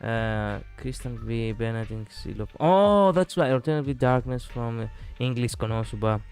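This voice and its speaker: A young man streams a game, chatting casually and reading the story text aloud, animated and laughing often, with stumbles and restarts. His mid-range voice is clean and at normal speed, with faint music in the background.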